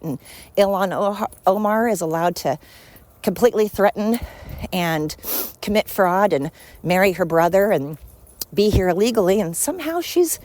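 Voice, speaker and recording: A woman's voice: mid-range voice, a little mellow. A woman hosting a podcast alone, talking in a blunt, opinionated and rambling way. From Sweden. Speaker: podcast host. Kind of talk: casual solo monologue.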